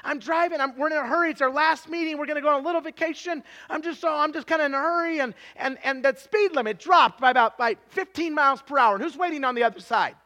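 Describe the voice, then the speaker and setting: A man in his forties preaching a sermon, telling stories with lots of restarts and sometimes dropping to a hushed, confessional tone. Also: very high-pitched, quick pace, hardly any pauses. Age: 40s. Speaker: pastor.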